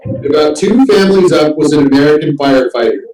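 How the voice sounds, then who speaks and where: A man hosting a casual group chat, telling animated stories and shouting out the lines he quotes. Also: on the high side, quick pace, slight background noise. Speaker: host. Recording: distant mic in echoey room.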